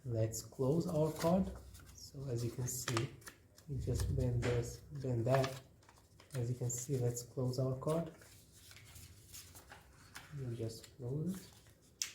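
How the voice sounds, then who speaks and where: A man's voice: medium pitch, slow pace, long pauses. A man hosting a craft tutorial, talking casually and repeating himself as he folds paper. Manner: relaxed, repetitive, talking while folding paper. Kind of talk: hands-on craft demonstration. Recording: roomy echo, faint noise.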